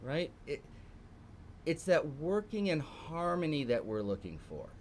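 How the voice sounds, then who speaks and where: Texan man teaching art, slow and emphatic with a sing-song lilt, faint room noise behind. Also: a little high, big pitch swings. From Texas. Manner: emphatic, lingers on words, repeats phrases for stress. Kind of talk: live online morning art lesson.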